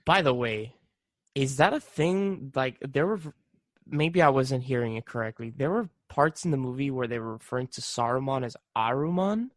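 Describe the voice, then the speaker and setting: A man's voice: medium pitch, animated, normal speed, no echo. A man co-hosting a podcast in casual chat, laid-back, asking questions and laughing often. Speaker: podcast co-host.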